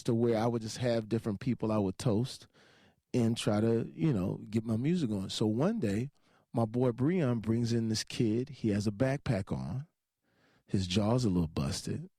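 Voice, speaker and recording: Male storyteller, animated, full of laughs and quick voice impressions; mid pitch, very lively swings, dry close sound. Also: no echo. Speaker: entertainer telling a story. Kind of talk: animated anecdote with acted-out quotes.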